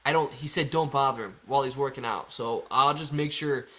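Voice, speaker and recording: A man hosting a casual live stream, chatting excitably with viewers and laughing often. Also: mid-range voice, a little fast. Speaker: livestream host reading chat.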